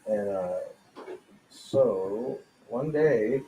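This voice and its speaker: A man's voice: lowish voice, drawn-out words, mellow, a little hiss or hum. A man telling a personal story in casual chat, swearing freely and laughing often. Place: tattoo studio during a live podcast. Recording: roomy echo, faint ambience.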